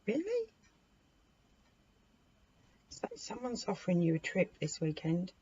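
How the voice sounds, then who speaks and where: A woman's voice: fairly low pitch, fairly quick, warm tone, breathy edge. A woman giving a casual, rambling tarot reading to her viewers, chatting to the cards as she deals them. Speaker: tarot reader. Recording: dull lo-fi recording with faint hiss.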